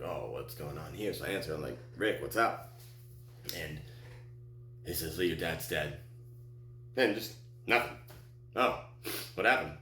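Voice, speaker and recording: A man's voice: sits low, fairly bright tone. Earnest middle-aged man telling a story, echoey room. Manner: earnest, emotional, halting with many restarts. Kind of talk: personal storytelling. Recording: echoey room with faint hum.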